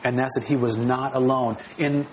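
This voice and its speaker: A man preaching a sermon in a warm, earnest and personal manner. He often repeats phrases and restarts a thought. His voice is mid-pitched, with a faint hiss behind it. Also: fairly even intonation, moderate pace, poor audio. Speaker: pastor.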